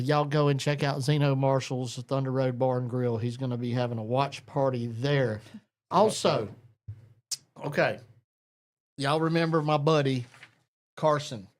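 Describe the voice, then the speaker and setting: A man hosting a live talk show, folksy and rambling as he greets listeners. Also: medium pitch. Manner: folksy, rambling, Southern "y'all". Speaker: host.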